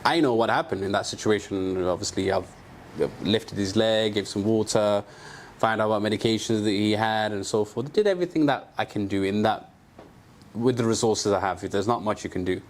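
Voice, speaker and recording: A man with a fairly low voice tells a story in a relaxed interview. He acts out the lines of the people in it and fills gaps with "um" and "uh." Faint room noise hums in the background. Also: normal speed. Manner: animated anecdotes with quoted dialogue and fillers. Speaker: aesthetic doctor, clinic co-founder.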